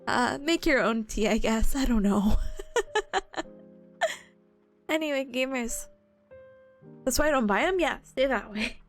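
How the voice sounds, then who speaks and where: A woman's voice: on the high side, a little slow, pauses often, soft background music. A young woman streamer chatting casually with her viewers, giggling often and slipping into playful silly voices. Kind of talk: casual live-stream chat.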